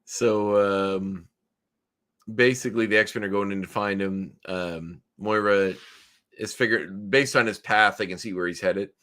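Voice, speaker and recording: A man with a lowish voice co-hosting a podcast in casual chat. He recaps in a rambling way and uses many fillers. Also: fairly even intonation, a little slow, pushed and bright. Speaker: podcast co-host.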